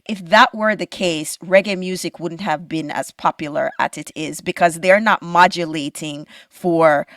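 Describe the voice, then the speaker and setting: Low-voiced woman host. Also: unhurried, hardly any pauses, fairly bright tone, no echo, studio quality. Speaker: podcast host. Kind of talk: casual interview conversation.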